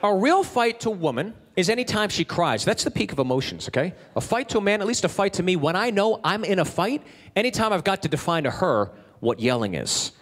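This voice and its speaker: A man's voice: high-pitched, brisk. Exasperated male stand-up ranting. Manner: animated storytelling, exasperated rants. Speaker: stand-up comedian. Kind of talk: stand-up comedy. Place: stage in a comedy venue. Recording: live stand-up set with audience laughter. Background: crowd laughing.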